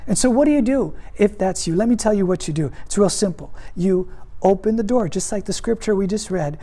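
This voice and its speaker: A male pastor delivers an earnest sermon in a soft, mellow voice that sits fairly high. He presses each point by repeating it and speaks straight to his listeners. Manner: earnest, emphatic preaching with repetition.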